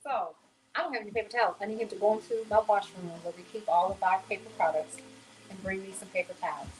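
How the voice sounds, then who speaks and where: Speaking fast in a steady, mid-range voice, she hosts a casual home cooking demonstration from her kitchen. Her manner is chatty and folksy, calling viewers honey and y'all; the recording is rough with slight background noise.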